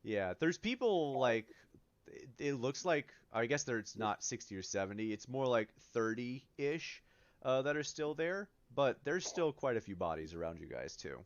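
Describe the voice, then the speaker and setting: A man narrates as game master of an online tabletop game, pausing often and restarting his sentences. His voice rises and falls a lot. The sound is dry and slightly muffled. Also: mid-range voice, very animated, no echo. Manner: hesitant, many fillers and restarts. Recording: dry lo-fi mic.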